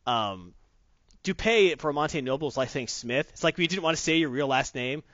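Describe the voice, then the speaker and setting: A man's voice: fairly high pitch, expressive, fairly quick, fairly bright tone, no room sound. Enthusiastic rambling man, dull dry sound. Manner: enthusiastic, rambling with many restarts. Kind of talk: casual chat about tabletop games.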